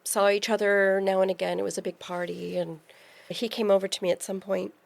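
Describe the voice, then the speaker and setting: A woman in her forties, a podcast guest, telling a lively personal story in casual conversation. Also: medium pitch, brisk, gravelly. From California. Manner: lively storyteller, acts out quoted voices.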